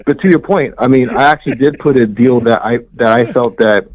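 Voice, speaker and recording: Excitable man chatting about sports. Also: medium pitch, fairly quick, highs cut off. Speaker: co-host. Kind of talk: casual sports talk chat.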